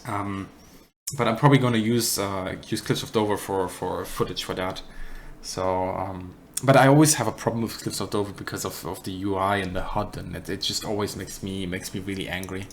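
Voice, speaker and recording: A man's voice: deep voice, steady tone, normal speed, a little hiss or hum. A man with a German accent casually answering chat questions on a live stream, rambling and correcting himself with dry humour. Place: apartment.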